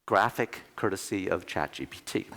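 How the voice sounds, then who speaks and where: A man's voice: sits low, moderate pace, gravelly, a bit bright. A middle-aged man with a cold, giving a conference talk in a chatty way, with joking asides. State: has a cold. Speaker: conference speaker. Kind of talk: conference presentation. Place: conference hall. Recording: echoey conference hall.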